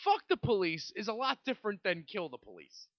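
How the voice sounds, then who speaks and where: A man's voice: high voice, huge pitch swings, fairly quick, no echo, highs cut off. A young man from Brooklyn, hosting a solo podcast in a rambling, swearing rant full of restarts. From Brooklyn, New York. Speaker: podcast host. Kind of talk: casual solo podcast monologue.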